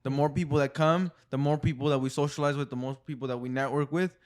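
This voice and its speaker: A man talking as a podcast guest, telling stories fast and swearing often in casual chat. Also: fairly high pitch, fairly even intonation. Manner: fast, profane storytelling. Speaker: podcast guest, studio owner.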